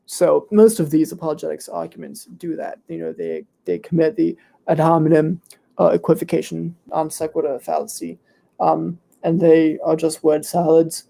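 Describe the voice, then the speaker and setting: A man playing a smug, gravelly internet debater. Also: a little high, dark tone, full character voice. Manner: pompous, self-assured, reels off fallacy names. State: hoarse, losing his voice. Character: smug, pompous young male internet debater. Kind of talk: comedic live Q&A role-play.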